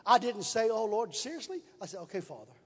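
A man's voice: high-pitched, big pitch swings, quick pace, fairly bright tone, breathy edge. A man preaching, telling a folksy story with repetition and building emphasis. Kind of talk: sermon storytelling. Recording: long reverb in a large hall.

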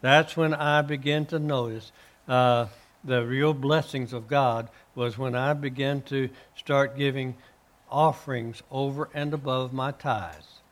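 A man with a middle-pitched voice tells his faith testimony in earnest. His speech is halting, full of uh fillers and restarts, as he answers the host's questions. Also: steady tone. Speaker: guest, author and minister.

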